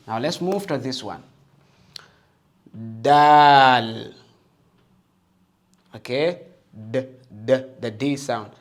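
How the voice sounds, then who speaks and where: A man teaching the Arabic alphabet and Quran reading, patient and encouraging, often checking with "okay?" and sounding out each letter loudly for listeners to repeat. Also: medium pitch. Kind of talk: slow patient alphabet lesson with call-and-repeat.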